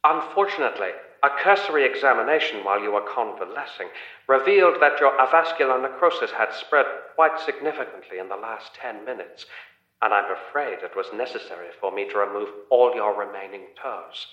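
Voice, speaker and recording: A coldly polite mad doctor, as a narrator puts him on, calm, formal and clinical in manner. His voice comes bright and sharp, heard through a roomy, muffled speaker. He is a story villain in a horror audiobook. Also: on the low side, a little fast.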